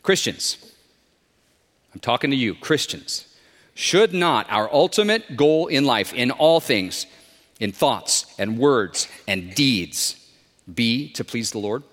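A pastor preaching a sermon, emphatic and posing questions to the congregation. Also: male voice, medium pitch, expressive, takes it slowly, a bit bright, long reverb tail. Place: church sanctuary with a screen.

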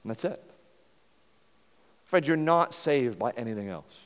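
A pastor preaching a sermon earnestly and emphatically, rising to loud insistence and dropping to hushed pleading. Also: male voice, mid-range voice, expressive, measured pace, long pauses. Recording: long hall reverb.

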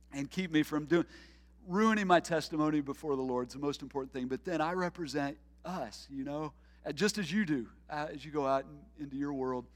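A middle-aged man, a pastor, preaching a sermon with a personal story, animated and laughing often as he acts out his own thoughts. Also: fairly high pitch, big-room sound.

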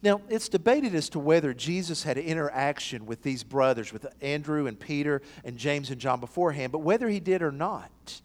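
This East Tennessee pastor's emphatic sermon in a church sanctuary is fairly quick, with few pauses, as he animates the voices he quotes. His pitch is fairly high and his delivery animated. The recording carries long hall reverb.

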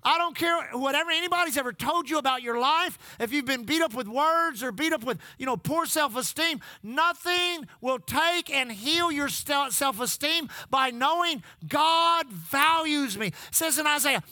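A man's voice: very high-pitched, expressive, normal speed, few pauses, sharp tone, dry recording. A middle-aged man preaching a sermon, telling folksy stories and calling out to the congregation. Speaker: pastor.

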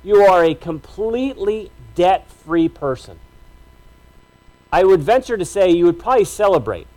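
A man with a notably high voice for a male speaker delivers a sermon from the pulpit. He talks to the congregation in a conversational, emphatic way, piling up short repeated phrases. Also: very animated, moderate pace, a little mellow, low-quality recording. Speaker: pastor.

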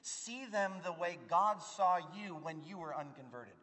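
An earnest male preacher delivering a sermon, his tone bright and forceful. He presses hard on key words, then drops to a near hush. The sound carries a long reverb from a large hall. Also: a little high, animated, measured pace. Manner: earnest, emphatic, swings between loud and hushed.

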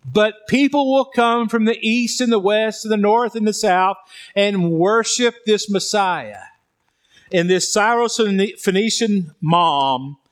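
High-voiced man preaching a sermon. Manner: preaching with sudden drops to soft, low emphasis; repeats words and restarts sentences. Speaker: pastor.

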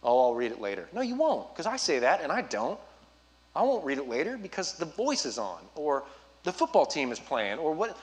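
A man preaching as a youth pastor, urging his listeners directly with an earnest, personal manner and quick asides. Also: on the high side, very animated. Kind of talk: sermon.

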